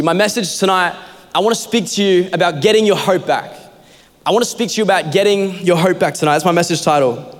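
A man's voice: high-pitched, quick pace. A young man, an assistant kids pastor, preaching a sermon in an earnest, conversational way with casual fillers. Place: church auditorium. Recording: long hall reverb.

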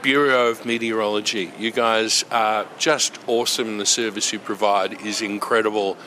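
A man's voice: lowish voice, steady tone, normal speed, pushed and bright, slight background noise. An Australian man hosting a community radio show, chatty and enthusiastic, with lots of fillers.

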